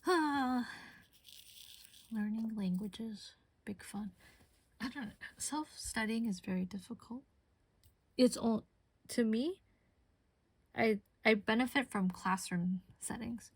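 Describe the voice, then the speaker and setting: A woman's voice: a little high, takes it slowly, pauses often, husky, no room sound. A young woman streamer chatting casually and rambling while she crafts, answering her chat.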